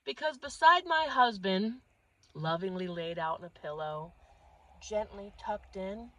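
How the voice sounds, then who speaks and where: A woman's voice: medium pitch, unhurried. A woman from northeastern Pennsylvania telling a crude, exaggerated comic story. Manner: animated, crude, exaggerated delivery. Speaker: comedian.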